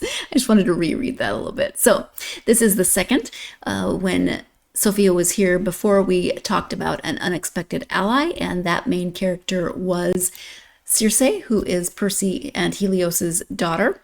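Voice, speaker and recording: A woman hosts a book podcast in a relaxed, chatty way. Her voice has a gravelly fry, and she drifts through fillers and quick restarts as she introduces the episode. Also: lowish voice. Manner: chatty, with fillers and self-corrections. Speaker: podcast host. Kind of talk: casual podcast talk and book blurb reading.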